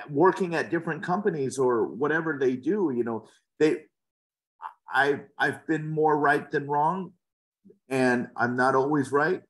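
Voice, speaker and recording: In a relaxed interview, this real estate agent talks with fervor and strong views, and he tends to say words twice as he goes. His pitch is medium.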